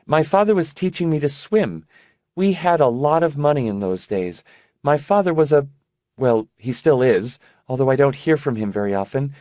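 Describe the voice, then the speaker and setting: A woman's voice: deep voice, animated, moderate pace, mellow, no echo, studio quality, pitched above the performer's own voice. A man reading an audiobook, voicing a frail, ailing young woman who talks in a trembling, rambling way. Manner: trembling, chatty, drifting off.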